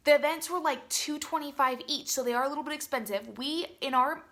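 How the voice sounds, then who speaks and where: Casting: young woman, slightly high, crisp bright tone, gushing casual live-stream chatter. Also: brisk. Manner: chatty and effusive, says "like" and "you guys" a lot. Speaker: beauty product distributor. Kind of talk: casual live video talk to her team.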